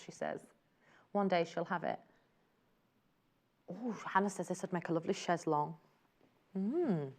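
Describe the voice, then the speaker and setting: A woman presenting fabrics on a live shopping channel, chatty and gushing as she exclaims over each print. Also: fairly low pitch. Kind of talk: live TV selling chat.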